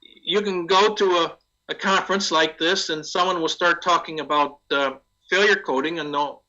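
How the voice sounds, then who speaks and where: Man, conference presentation, rhetorical questions, sharp bright tone, muffled recording. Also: on the high side, steady tone, moderate pace. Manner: conversational, asks rhetorical questions. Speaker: conference speaker.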